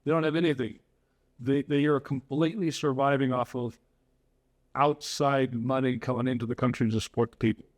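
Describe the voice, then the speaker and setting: In casual political talk on his podcast, a man speaks earnestly and with strong opinions, moving into Spanish when he interviews someone. His medium-pitched voice keeps fairly even intonation and runs a little fast.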